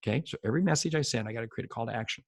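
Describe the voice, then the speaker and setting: Male sales coach, husky gravelly voice, emphatic and repetitive, talking straight to camera, dry recording. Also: medium pitch, racing, dry recording. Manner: emphatic, repeats key phrases for stress; speaks directly to the viewer. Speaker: sales trainer. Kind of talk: motivational coaching talk to camera.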